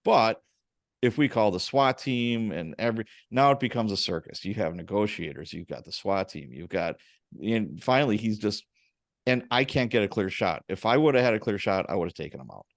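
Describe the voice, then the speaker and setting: A man hosting a podcast, telling stories from his police days in a casual, animated and profane way. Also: fairly low pitch, a little fast, dry recording, studio quality. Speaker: podcast host, former police officer. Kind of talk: casual interview chat, storytelling.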